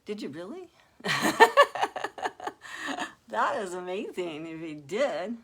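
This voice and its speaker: An older woman with a somewhat low voice hosts a relaxed crafting livestream. She talks straight to her viewers as she works, with frequent exclamations and easy laughter. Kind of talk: casual crafting livestream chat.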